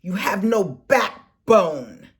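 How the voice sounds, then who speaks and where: A woman delivering an impassioned, scolding political rant in a vlog, preaching and swinging between soft and loud. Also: medium pitch, big pitch swings, extremely slow. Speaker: political commentary vlogger.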